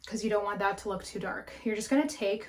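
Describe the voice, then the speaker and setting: A woman's voice: medium pitch, fast talker. A young woman chatting frankly through a makeup tutorial at home, swearing casually and breathing a little heavily into the camera mic. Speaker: beauty vlogger.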